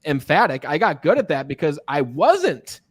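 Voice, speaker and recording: A man hosting a casual interview as a sales coach, telling stories in an animated way and often checking in with "right?". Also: fairly high pitch, normal speed, slightly rough, no room sound. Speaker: podcast host and sales coach.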